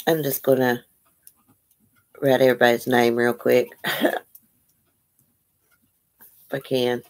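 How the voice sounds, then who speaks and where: Woman livestream host, deep voice, chatty, reads comments aloud. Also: flat delivery, takes it slowly. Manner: chatty, reads out viewer comments and greets them. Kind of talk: casual livestream chat.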